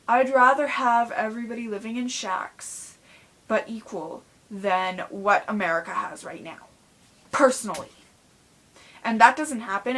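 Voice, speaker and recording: A woman's voice: fairly high pitch, a bit bright. A young woman rambling frankly in a casual vlog, full of fillers and blunt asides. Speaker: vlogger.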